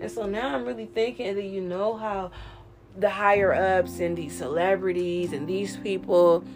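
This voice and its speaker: A woman hosting a casual commentary chat, animated and slangy, ranting and mocking people in quoted voices. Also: mid-range voice, normal speed, music in the background. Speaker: host.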